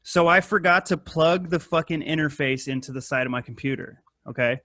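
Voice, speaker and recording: A man hosting a casual podcast, rambling and swearing a lot, with animated retellings of stories. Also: a little high, brisk, dry recording, clean studio sound. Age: adult with wife and kid. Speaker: podcast host. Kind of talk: casual profane chat.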